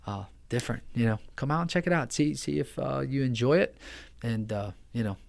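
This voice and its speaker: A man's voice: mid-range voice, animated, a little fast, creaky. A man speaks as a pastor guesting on a podcast. He talks earnestly and with emphasis, padding his lines with "man" and "you know." The sound is of a small studio. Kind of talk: casual testimony in a podcast interview.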